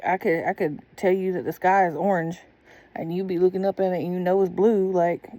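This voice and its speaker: A woman's voice: medium pitch, dark tone, no room sound. A woman telling a candid personal story in a blunt, profane, casual monologue. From Southern United States.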